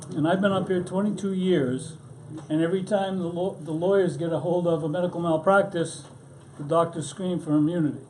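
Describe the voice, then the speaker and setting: High-voiced, mellow sardonic man testifying. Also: steady tone, fairly quick, slight background noise, low-quality recording. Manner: sardonic, argumentative. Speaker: legislator testifying. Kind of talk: formal legislative testimony.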